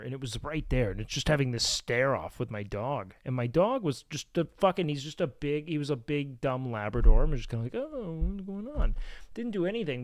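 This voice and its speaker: A man streaming, telling rambling, profane stories in a casual, animated way on a close mic. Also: medium pitch, no echo. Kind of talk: casual storytelling chat.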